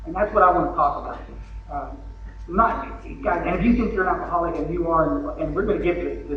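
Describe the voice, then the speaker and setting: A man with a Texan accent giving a folksy, joking recovery talk from the podium at a convention. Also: fairly high pitch. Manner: folksy and joking, with acted asides. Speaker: convention speaker. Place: large convention hall. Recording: echoey hall, lo-fi, from far off.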